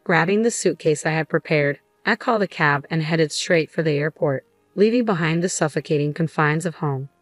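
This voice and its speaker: A woman reading a first-person story in an even, measured way. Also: low-pitched, no echo, faint music behind. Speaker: narrator.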